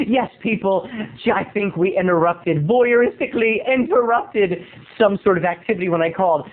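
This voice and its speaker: A man's voice: high-pitched, normal speed, few pauses. Theatrical gossipy man on tinny video. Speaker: video blogger. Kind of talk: comic storytelling vlog. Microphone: home camera mic.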